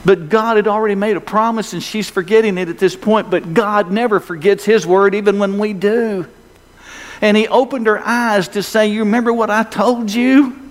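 A man's voice: high-pitched, fairly even intonation, normal speed. A male pastor preaching a sermon, emphatic and full of rhetorical questions for the congregation. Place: church sanctuary. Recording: long hall reverb.

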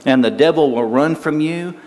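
A man's voice: fairly high pitch, normal speed, darkish tone. An older man preaching a sermon in a conversational, folksy way, repeating words as he goes. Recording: long hall reverb.

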